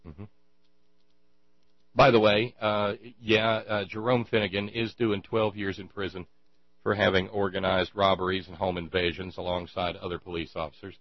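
A man with a low voice rants with indignation and dry sarcasm, stumbling over fillers as he pushes his argument. The sound is muffled and lo-fi, with a close, dead room. A steady electrical hum runs underneath. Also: moderate pace, no echo. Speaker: commentator. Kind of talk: ranting monologue. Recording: dry, dull lo-fi with mains hum.

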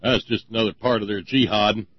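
A man's voice: on the low side, steady tone, no room sound. Guy co-hosting a talk show, sarcastic and ranty, trips over his words a lot, dry muffled sound. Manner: sarcastic, ranting, halting restarts. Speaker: podcast co-host. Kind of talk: casual opinion talk.

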